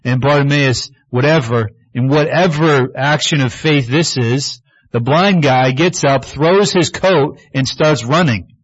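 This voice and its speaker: A man preaching a sermon as pastor, animated, acting out voices from the stories he tells. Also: mid-range voice, unhurried, slightly rough, dry recording, muffled recording.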